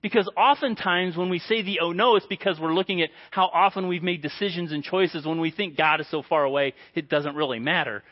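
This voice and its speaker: High-voiced man preaching a sermon. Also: fairly quick, hardly any pauses, muffled recording. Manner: earnest, drops to a hushed voice for quoted prayers.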